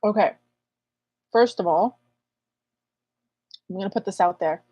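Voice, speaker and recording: A woman's voice: medium pitch, measured pace, dark tone, slightly rough, dry recording. A woman astrologer hosting a live Q&A, chatting playfully and calling out viewers' names while getting over an illness. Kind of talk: casual livestream chat.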